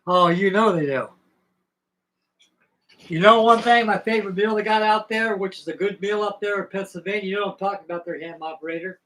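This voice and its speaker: A man's voice: high-pitched, fairly bright tone, poor audio. An older man with Southern roots, telling long folksy stories from his past in a rambling, casual way on a live stream. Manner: folksy, rambling, drawn-out reminiscing. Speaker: livestream host. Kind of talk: rambling storytelling chat.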